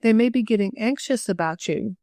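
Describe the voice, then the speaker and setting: A woman voicing an eager, protective young man in an audiobook of a classic girls' novel, speaking gently and urgently. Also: medium pitch, fairly quick, dry recording, studio quality, lightly acted. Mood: gentle.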